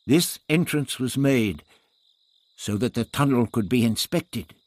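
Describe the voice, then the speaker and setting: A man's voice: medium pitch, animated, unhurried, a little mellow, no room sound, voice pushed up. A man voicing a proud, formal male Aztec warrior who speaks in a stately way.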